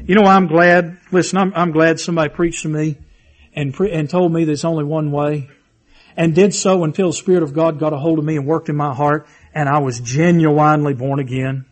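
A man's voice: a little high, steady tone, brisk. A man preaching a sermon, fervent and repetitive, telling personal stories.

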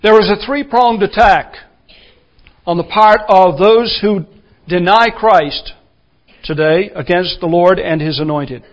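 A man preaching a sermon, building to forceful, emphatic declarations. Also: high voice, measured pace.

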